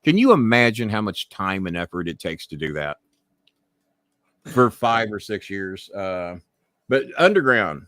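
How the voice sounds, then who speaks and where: A man's voice: on the low side, big pitch swings, measured pace, a bit bright, no room sound, studio quality. A man hosting a live podcast stream in casual chat, talking bluntly and swearing freely as he rambles. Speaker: podcast host.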